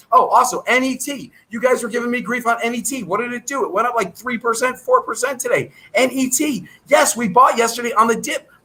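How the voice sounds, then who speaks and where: Emphatic, bright-voiced male trading host. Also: high voice, low-quality recording. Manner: emphatic, repetitive, rhetorical questions and answers. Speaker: stock trading channel host. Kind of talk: direct-to-camera trading talk.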